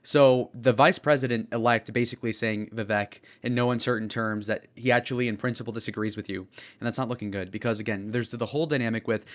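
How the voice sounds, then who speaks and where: A man's voice: mid-range voice, steady tone, quick pace. A young man hosting political commentary, talking in a rambling, opinionated way with frequent restarts.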